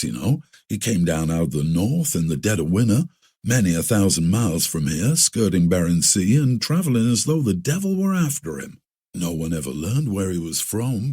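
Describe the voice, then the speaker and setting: Brief: male narrator as a weathered trail veteran, lowish husky voice, lively lilt. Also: exaggerated voice. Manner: confiding, explanatory storytelling. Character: seasoned frontier man, knowing, wry.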